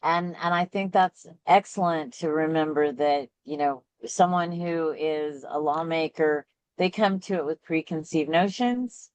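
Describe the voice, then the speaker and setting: A woman's voice: low voice, a little slow, smooth, no room sound. A woman hosting a casual talk show, chatting and laughing along easily with her guest. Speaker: host. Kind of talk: casual chat.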